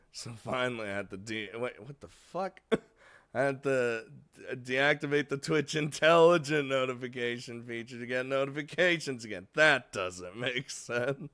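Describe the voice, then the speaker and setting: A man's voice: medium pitch, measured pace, fairly bright tone, dry recording. A man streaming a game live, rambling and laughing often, casually swearing, just woken up and yawning.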